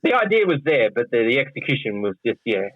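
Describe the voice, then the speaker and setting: A man with an Australian accent, a pro wrestler, telling stories in a loose, animated way and swearing freely. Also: mid-range voice, fast, no room sound. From Western Australia. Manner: animated, acts out quoted voices, swears freely. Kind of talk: casual storytelling. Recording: dull lo-fi sound.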